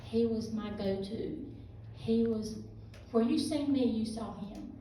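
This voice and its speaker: A middle-aged woman giving a halting, emotional personal testimony as a guest speaker at a church youth service. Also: fairly high pitch, warm tone, a little hiss or hum. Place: church hall. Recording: echoey room heard from a distance.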